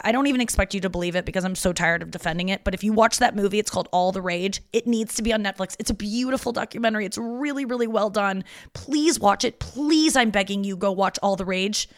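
A woman comedian in her thirties talking in a quick, profane solo podcast monologue, with many restarts and asides. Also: mid-range voice, no echo, studio quality.

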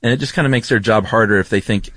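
A man co-hosting a podcast, relaxed and rambling as he explains things. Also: fairly low pitch, very fast, no room sound. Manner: relaxed, rambling, lots of ums and asides. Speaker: podcast co-host. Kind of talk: casual chat.

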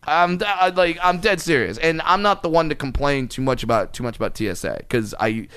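Male podcast host, casual storyteller, smooth clear voice, dry close mic, profane and animated. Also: fairly high pitch, brisk, dry recording.

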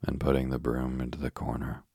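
Very deep gravelly male storyteller. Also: monotone, a little fast, dark tone, no room sound, clean studio sound. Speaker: audiobook narrator. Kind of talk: scripted storybook narration.

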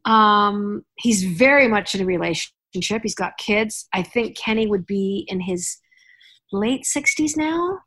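A woman's voice: medium pitch, lively intonation, a little slow, fairly bright tone. A woman hosting a podcast, chatting casually and rambling with frequent restarts. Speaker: podcast host. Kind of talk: casual chat.

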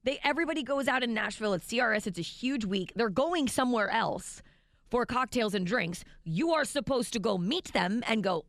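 A woman co-hosting a morning radio show, teasing her co-host with exasperated, lively banter. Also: fairly high pitch, fairly quick.

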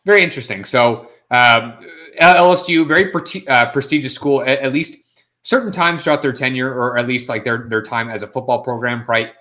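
A man co-hosting a sports podcast, relaxed and self-deprecating. He talks hesitantly and restarts his sentences often, in a voice of everyday middle pitch. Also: fairly quick. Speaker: podcast co-host. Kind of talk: casual sports podcast chat.

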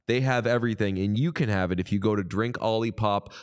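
A young man co-hosting a casual sports podcast, riffing playfully and reading an ad with bursts of excitement. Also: on the low side, brisk, hardly any pauses. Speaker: podcast co-host. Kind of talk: casual chat and ad read.

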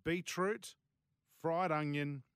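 Brisk radio host, slightly high voice. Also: male voice, a bit bright, clear, resonant tone, dry recording, clean studio sound. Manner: brisk, plugs the text number, takes calls. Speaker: radio sports show host. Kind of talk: casual radio talk show banter. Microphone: studio microphone.

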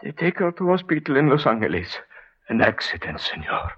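An excited servant. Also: male voice, on the high side, a little fast, husky. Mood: urgent, pitying. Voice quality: broken English, excited. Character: anxious Mexican male servant, kindly. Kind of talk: 1940s radio acting. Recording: dull 1940s radio broadcast.

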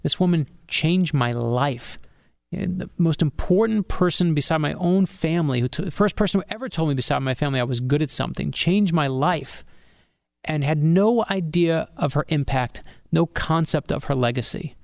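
A middle-aged man, an author being interviewed on a podcast, telling a personal story with animated energy and acting out the people he quotes. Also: on the high side, moderate pace, vocal fry, dry recording, clean studio sound. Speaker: author guest.

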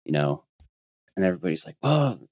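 A man with a fairly low voice tells a hunting story in casual chat, laughing now and then and putting on the voices of his friends. The recording is dry and a little dull, with the top end rolled off. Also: moderate pace, no room sound. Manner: animated, laughing often, acting out quoted friends. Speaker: podcast guest telling a hunting story.

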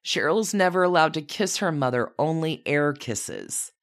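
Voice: mid-range voice, expressive, a little slow, fairly bright tone. Podcast host telling an old hollywood crime story, voice swings up and down a lot, chatty little asides. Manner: chatty, with wry personal asides. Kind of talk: casual true-crime storytelling.

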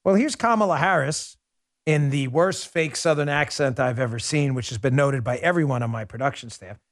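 A middle-aged man hosting a political talk show, delivering a casual, sarcastic commentary monologue with lots of quick asides. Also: mid-range voice, dry recording, studio quality. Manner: animated, sarcastic, rapid asides.

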